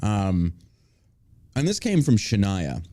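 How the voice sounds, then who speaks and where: Guy hosting a podcast, lowish mellow voice, cocky and sweary, just riffing. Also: sing-song, slow pace. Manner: brash, profane, mocking. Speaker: podcast host. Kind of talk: casual podcast banter.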